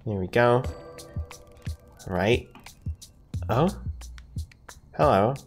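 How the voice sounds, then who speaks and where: A streamer chats their way through a casual video game, giggling and thanking viewers. The voice moves at an easy, slow pace with a pitch that rises and falls a lot. Faint game music plays in the background. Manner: giggly, chatty, reads chat aloud. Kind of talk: casual let's-play commentary.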